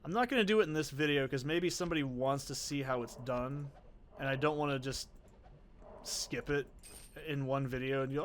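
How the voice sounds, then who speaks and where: A man's voice: mid-range voice, normal speed, slight background noise. A young man giving casual, rambling gameplay commentary, offhand and full of swearing. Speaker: let's play host.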